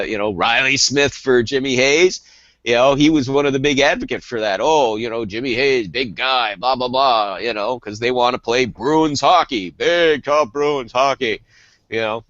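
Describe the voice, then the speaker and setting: A man's voice: mid-range voice, a bit bright, dry recording, highs cut off. A man co-hosting a hockey talk show, rambling in casual chat with lots of fillers and restarts.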